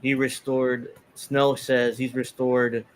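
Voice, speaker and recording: A man's voice: medium pitch, little pitch movement, slow, a little hiss or hum. A man hosting a casual political talk show, sarcastic and mocking as he reads posts aloud. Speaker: political commentary host.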